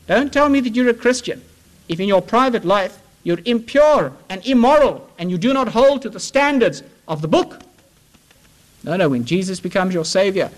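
A man preaching an evangelistic sermon, impassioned and repetitive, swinging from raised urgency down to hushed, low phrases. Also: rough recording. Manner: impassioned, with repeated rhetorical appeals.

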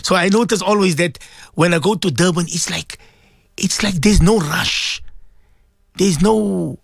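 A man's voice: sits high, a little slow, gravelly, no room sound, studio quality. A middle-aged man, hosting a call-in radio show in casual, rambling chat and greeting listeners by name.

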